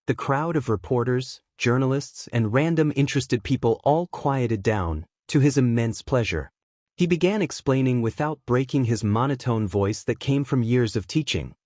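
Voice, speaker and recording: A man narrates a fan-written story at a steady, even reading pace. His voice sits at an ordinary male pitch. The recording is dry and close, with no room sound. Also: normal speed, no echo. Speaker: fanfiction narrator.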